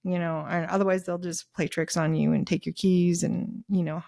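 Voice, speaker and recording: A woman's voice: on the low side, fairly even intonation, moderate pace, creaky, dark tone, no echo, clean studio sound. A woman guest on a podcast, telling stories in a chatty way, full of "you know"s and retold dialogue, and laughing often as she talks. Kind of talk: casual storytelling in a podcast interview.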